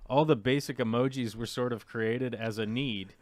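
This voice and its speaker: A man hosting a casual live talk show, rambling and animated with mocking asides. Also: medium pitch, moderate pace. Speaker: podcast host.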